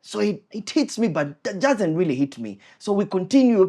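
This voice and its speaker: Brief: young male podcast co-host, lively storyteller, swooping pitch. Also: normal speed, few pauses. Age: young adult. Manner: animated, laughing, acts out scenes with sound effects. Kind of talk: casual storytelling chat.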